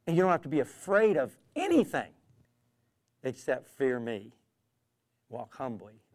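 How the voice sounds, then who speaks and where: A male street preacher telling a story with earnest, animated energy and acting out the exchanges he quotes. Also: mid-range voice, measured pace. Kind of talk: preaching testimony. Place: London.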